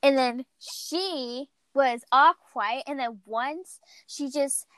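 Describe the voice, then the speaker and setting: A woman's voice: high-pitched, slow, dry recording, rough recording. A young woman hosting a podcast, telling a story in casual chat and acting out what people said. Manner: animated storytelling, acts out quotes. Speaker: podcast host.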